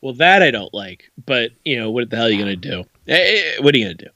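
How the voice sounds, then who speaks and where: A man's voice: mid-range voice, sing-song, fast talker, sharp tone, no echo. A man co-hosting a casual podcast, making sarcastic jokes. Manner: sarcastic joking. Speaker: podcast co-host.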